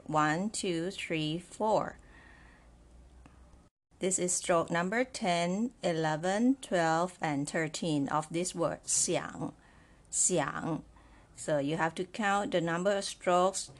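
A woman's voice: lowish voice, takes it slowly. A woman teaching a Chinese language lesson, explaining step by step, repeating example phrases and often checking in with "right?". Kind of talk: slow, patient spoken lesson.

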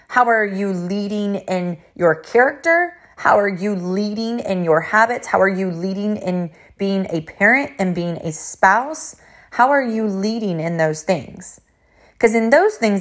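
A woman's voice: medium pitch, unhurried. A woman in her thirties, a life coach, telling a family story in a motivational talk with energy and frequent laughter.

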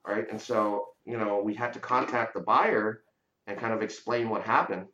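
A man with a somewhat low voice recounts his experiences in a relaxed, conversational way, often checking in with "right?". The recording is dull and lo-fi, with noticeable room echo around him. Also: moderate pace. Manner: conversational, frequent "you know" and "right?". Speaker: real estate investor guest. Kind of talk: casual storytelling interview. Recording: dull lo-fi audio in a roomy space.

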